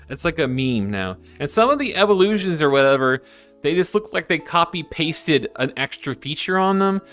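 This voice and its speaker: Lively, sidetracked man streaming live. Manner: rambling and easily sidetracked, many restarts; animated, jumps high in pitch when excited. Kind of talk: casual stream chat reading viewer comments.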